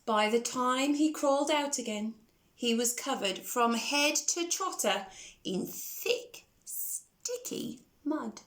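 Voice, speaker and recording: A woman reading a children's story aloud in an animated way, asking the listener questions. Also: sits high, takes it slowly. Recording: echoey room.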